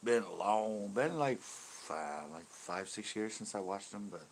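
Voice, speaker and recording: A man's voice: fairly low pitch, expressive, measured pace, slight background noise. A man hosting a fishing channel livestream, chatting casually with viewers in a rambling, laid-back way and laughing easily.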